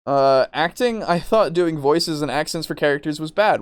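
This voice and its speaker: A man's voice: on the high side, moderate pace, no room sound. A man hosting a podcast, ranting in exasperation, swearing often and laughing mid-sentence. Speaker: podcast host.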